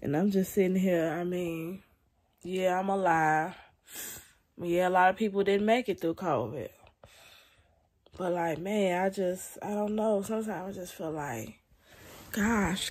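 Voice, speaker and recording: A young woman talks into her phone from bed at home, worn out and venting. Her voice sits a little low and she takes her time, with long, tired pauses. She sounds slightly congested. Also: husky. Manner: weary, venting, soft and drawn out. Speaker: vlogger. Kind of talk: casual confessional vlog.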